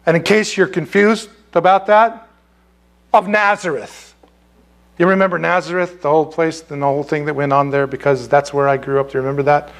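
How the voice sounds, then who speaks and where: High-voiced impassioned preaching man. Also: steady tone, brisk. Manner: impassioned, blunt, rhetorical questions. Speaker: pastor. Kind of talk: sermon. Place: air-conditioned church.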